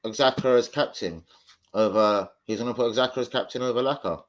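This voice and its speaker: A man's voice: medium pitch, fairly quick. Blunt man arguing on stream. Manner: blunt, swears freely, argues with chat. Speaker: live stream host. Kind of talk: heated live-stream football debate.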